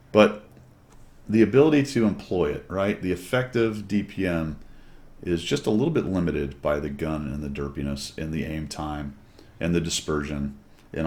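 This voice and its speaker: Deep-voiced man doing chatty game commentary. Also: a little mellow. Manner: chatty, wry, jokey asides to viewers. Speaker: gameplay commentator.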